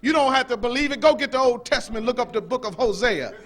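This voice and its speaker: High, bright fiery preacher man. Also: animated, fast. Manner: preacherly, call-and-response rhythm, swings from hushed to shouting. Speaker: minister. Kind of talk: fiery sermon.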